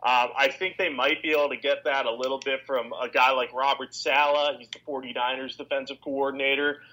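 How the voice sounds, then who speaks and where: Bright-voiced man analyzing on a podcast. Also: medium pitch, little pitch movement, poor audio. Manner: measured, organized reasoning. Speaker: podcast co-host. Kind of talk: casual sports podcast analysis.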